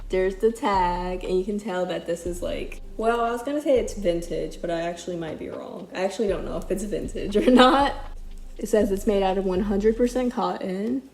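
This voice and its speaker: A woman's voice: mid-range voice, a little mellow. Chatty young woman vlogger, echoey room. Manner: chatty, loose, lots of "like". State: out of breath. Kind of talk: casual thrift haul vlog. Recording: echoey room with faint music.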